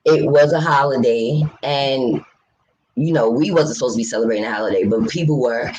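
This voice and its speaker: A woman's voice: a bass voice, a little fast, darkish tone, slightly rough, rough recording. Blunt, fiery New woman streaming. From New York City. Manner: blunt, passionate, swears freely; talks straight to viewers, reads chat aloud. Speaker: livestream host. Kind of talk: casual livestream chat.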